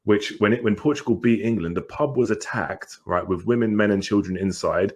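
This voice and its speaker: A man's voice: lowish voice, brisk. A man co-hosting a podcast in casual discussion, speaking earnestly and checking in with the listener as he builds his point. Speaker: podcast co-host.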